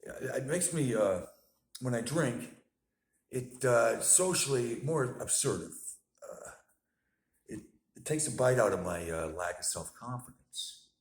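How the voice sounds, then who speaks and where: A man's voice: mid-range voice, expressive, a little slow. A man keeping a casual video diary about his life with bipolar disorder. He rambles, uses many fillers, corrects himself, and laughs at himself. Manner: self-deprecating, laughs at himself. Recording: roomy echo.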